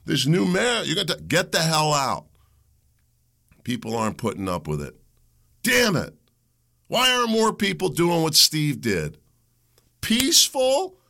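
A fired-up middle-aged man rants through a solo monologue in a gravelly, bright-edged voice. His pitch swings all over as he works himself up, and he keeps a combative edge from start to finish. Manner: heated, combative ranting with rising shouts. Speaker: podcast host.

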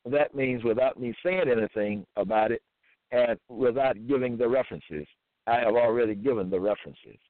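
Man, preacher, reads scripture slowly and formally; tinny, dry, phone-like sound. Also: mid-range voice, dry recording. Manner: slow, deliberate, formal scriptural cadence. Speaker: self-styled religious preacher. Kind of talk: reading scripture verses aloud.

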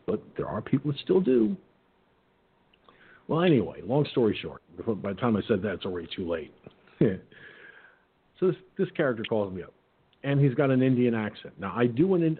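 A husky male talk radio host with a mid-range voice, blunt and profane as he tells his stories. The sound is squeezed into a narrow, phone-like band. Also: mid-range voice. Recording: phone-like line.

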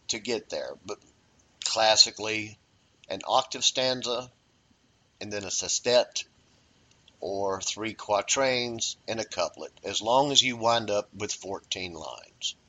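A man's voice: fairly low pitch, sharp tone. A man leading a poetry workshop, explaining patiently with fillers and repeated phrases. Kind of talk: workshop lecture.

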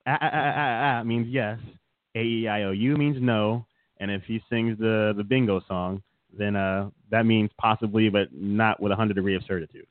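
A man's voice: on the low side, fairly even intonation, moderate pace, no echo. Chuckling man on a tinny line. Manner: chuckling, rambling, teasing. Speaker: podcast co-host. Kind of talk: casual comedic chat. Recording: dry, tinny phone-like sound.

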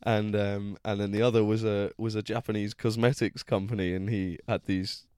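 A man's voice: fairly low pitch, flat delivery, normal speed, darkish tone, clean tone, no room sound, studio quality. A man hosting a casual chat, telling a story with many restarts. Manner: rambling, restarts often. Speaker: podcast host.

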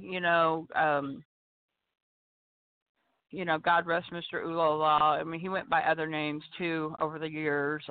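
A woman's voice: low-pitched, slight background noise. An older woman co-hosting a casual podcast, playful and chatty, telling stories. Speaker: podcast co-host. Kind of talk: casual chat. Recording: tinny phone-like line.

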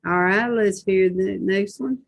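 A woman's voice: mid-range voice, measured pace. A woman hosting a Christian talk show, reading posts aloud and commenting with indignant rhetorical questions.

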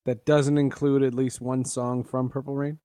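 A man's voice: mid-range voice, level tone, normal speed, dark tone, clear, resonant tone, dry recording. A man co-hosting a podcast in casual chat, telling stories with a joking manner. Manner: joking storyteller. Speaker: podcast co-host.

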